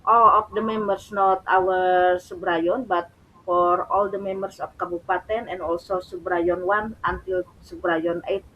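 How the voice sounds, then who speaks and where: Slow-spoken Sundanese-accented woman. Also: on the low side, fairly even intonation, lo-fi sound, a little hiss or hum. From West Java, Indonesia. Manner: laughs often, hesitant with fillers. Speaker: presenter. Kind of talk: online meeting talk.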